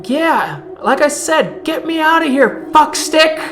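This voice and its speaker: A woman voicing a foul-mouthed captive young woman who yells insults at her jailers. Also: sits high, very animated, slow pace, background noise, voice pushed up, heavily acted. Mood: furious. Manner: yelling insults.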